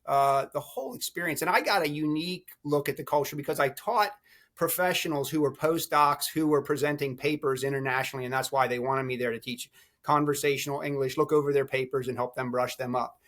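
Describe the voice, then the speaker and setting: Middle-aged guy on a podcast, animated storyteller, laughs a lot. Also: a little high, fairly quick. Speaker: podcast guest. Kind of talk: storytelling chat.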